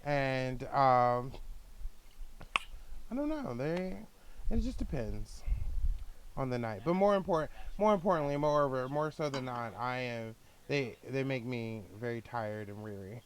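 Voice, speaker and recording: A man's voice: mid-range voice, animated, measured pace, a little hiss or hum. A man co-hosting a casual podcast, with blunt, sassy remarks and dry asides. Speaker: podcast co-host. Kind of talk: casual chat.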